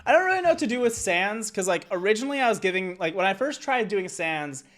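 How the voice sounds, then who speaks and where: Rambling male streamer, lively pitch. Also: quick pace, faint music behind. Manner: rambling, filler-heavy musing. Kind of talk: casual chat.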